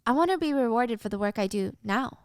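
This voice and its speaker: Lady playing a cool determined office girl, firm and steady. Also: fairly high pitch, fairly quick, clean tone, no room sound, studio quality. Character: determined young office woman, cool and calculating.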